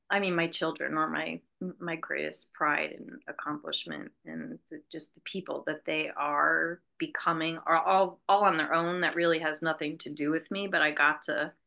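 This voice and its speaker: A woman's voice: low voice, vocal fry, sharp tone. A woman in her fifties from New Jersey, a podcast guest speaking reflectively and heartfelt in a casual chat. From United States (New Jersey). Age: 50s.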